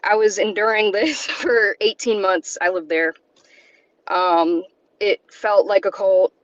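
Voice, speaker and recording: A woman from South Carolina speaking from her car over a call, halting and close to tears, with nervous laughs between her words. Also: medium pitch, no echo, dull audio. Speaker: guest. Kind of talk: emotional personal testimony.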